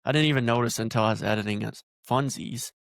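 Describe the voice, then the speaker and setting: Teasing podcast host from Iowa. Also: male voice, medium pitch, fast talker, gravelly, no echo. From northern Iowa. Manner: teasing, joking. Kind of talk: casual interview chat.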